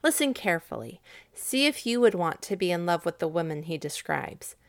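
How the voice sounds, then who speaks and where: A woman narrating a classic story for listeners, expressive and acting out the characters' lines. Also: fairly low pitch, moderate pace.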